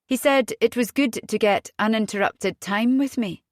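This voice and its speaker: A woman's voice: a little high, moderate pace, no echo, studio quality, natural voice. Woman voicing a weary exasperated husband. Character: weary, defensive husband and father.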